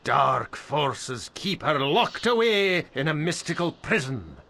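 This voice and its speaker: An actor playing a sly, theatrical herald in a game who speaks in flowery, dramatic phrases. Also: male voice, a little high, very animated, slow, vocal fry, bright, forceful tone, exaggerated voice.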